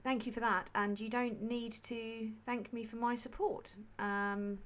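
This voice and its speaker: A woman's voice: fairly high pitch, little pitch movement, measured pace, hardly any pauses, fairly bright tone, a little hiss or hum. A woman hosting a livestream, chatting casually about politics in a sweary, rambling, sardonic way full of fillers. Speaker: livestream host.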